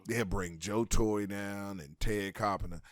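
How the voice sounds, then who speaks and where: Brief: American male comedian, middle-aged, loose and profane raconteur, somewhat low voice, dry recording. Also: unhurried, dry recording. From United States. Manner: profane, animated storyteller. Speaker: comedian guest. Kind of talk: casual storytelling interview.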